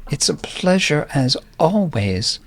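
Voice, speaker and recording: A man's voice: a little high, sing-song, slow, exaggerated voice. A man voicing a haughty vampire elder. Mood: reproachful. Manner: clipped, haughty questions, sometimes hissed. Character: imperious, theatrical vampire elder, protective of their childe.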